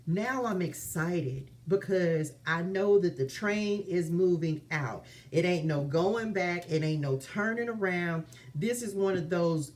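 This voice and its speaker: A woman's voice: lowish voice, a little mellow. A woman talking to her viewers from her apartment as a spiritual reader, in a casual vlog. She speaks in an emphatic, chatty way, calls her viewers y'all and repeats phrases for weight.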